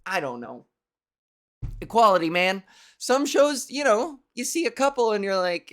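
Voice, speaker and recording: A woman in her thirties hosting a comedy show, rambling through a loose, profane monologue, laughing at her own jokes and putting on quick silly voices. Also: lowish voice, expressive, fairly bright tone. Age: 30s. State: hungover. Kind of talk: loose stand-up style monologue.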